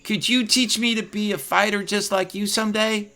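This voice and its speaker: A man voicing a young farm boy who is shy and earnest, speaking in halting, stammering phrases. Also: high voice, fairly even intonation, gravelly, bright, forceful tone, voice pushed up, exaggerated voice. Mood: hopeful. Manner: halting, stammering child speech.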